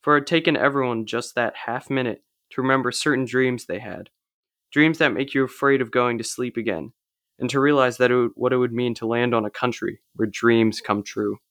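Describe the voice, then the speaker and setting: A man reading a story aloud during a church service, even and reflective. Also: medium pitch, fairly quick, dry recording, studio quality. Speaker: liturgy reader.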